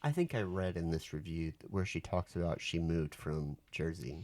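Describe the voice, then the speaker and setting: A woman's voice: extremely low pitch, moderate pace, darkish tone. A woman co-hosting a podcast, teasing her partner playfully in casual chat. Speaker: podcast co-host.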